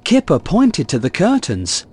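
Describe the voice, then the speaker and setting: Guy reading a kids' picture book, super slow, voice swoops up and down a lot. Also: fairly high pitch. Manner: expressive, slow and clear for children. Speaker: narrator. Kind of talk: children's storybook reading.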